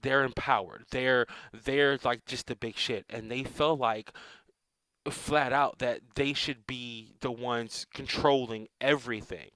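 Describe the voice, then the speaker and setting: A man's voice: mid-range voice, a bit bright, no room sound, rough recording. A man ranting bluntly into the camera in a casual, profane monologue, with many restarts and "um"s. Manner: profane, blunt, repetitive, with frequent hedging restarts and "um"s. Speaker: vlogger.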